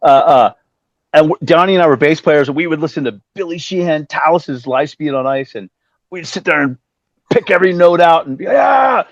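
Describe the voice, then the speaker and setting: A man in his fifties telling stories casually as a musician guest, animated and acting out the voices of other people he quotes. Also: fairly high pitch, a little fast, no room sound. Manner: animated, acts out quoted voices, swears freely. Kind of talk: casual storytelling. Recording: dull dry lo-fi sound.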